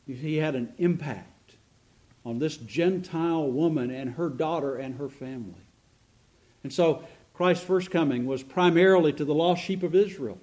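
A middle-aged pastor preaches in a fairly high, light voice. He is earnest and emphatic, slows down to stress key lines, and asks the listeners rhetorical questions. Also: dark tone. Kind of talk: sermon.

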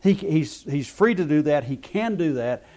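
Man teaching a Bible study, halting. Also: on the high side, animated, warm tone. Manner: explanatory, with frequent hesitant fillers. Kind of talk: classroom teaching.

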